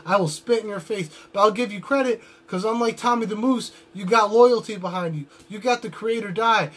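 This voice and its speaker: A man's voice: sits high, brisk. A young adult man cutting a wrestling promo with boastful, trash-talking swagger.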